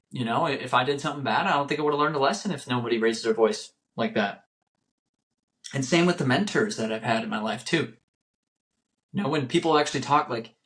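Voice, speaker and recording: Young male podcast host at mid pitch, earnest, repeats himself for emphasis. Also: fairly bright tone. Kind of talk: solo motivational podcast talk.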